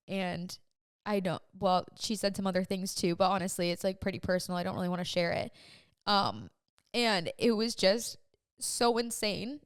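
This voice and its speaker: Smooth-voiced young woman, earnest and chatty. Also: medium pitch, moderate pace, no echo, clean studio sound. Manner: earnest, emotional, chatty with frequent "like". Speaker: podcast host. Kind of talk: personal storytelling podcast.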